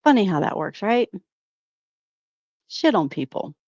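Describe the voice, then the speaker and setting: A woman's voice: mid-range voice, sing-song, unhurried, a little mellow, no room sound. Sarcastic woman reacting, dry muffled audio. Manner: mocking, laughs often. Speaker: reaction channel host.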